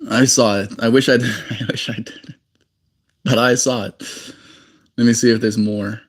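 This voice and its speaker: A young man talks loosely to his livestream audience, answering comments and teasing his viewers. His delivery is playful and joking, and it drops to quiet mumbles now and then. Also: medium pitch, steady tone, moderate pace. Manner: playful, teasing, drifting into silly put-on voices and quiet mumbles. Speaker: daily livestreamer. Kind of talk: casual livestream chat reading comments.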